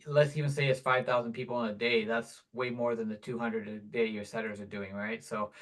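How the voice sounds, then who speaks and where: A man hosting a casual live Q&A over a video call, relaxed and chatty, laughing often. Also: medium pitch, fairly quick. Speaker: webinar host, product support.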